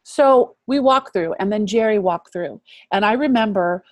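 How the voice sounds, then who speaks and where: A woman in her fifties sharing a personal faith testimony as an interview guest, earnest and reflective, often dropping to a hushed voice. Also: mid-range voice, moderate pace, no room sound. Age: 50s.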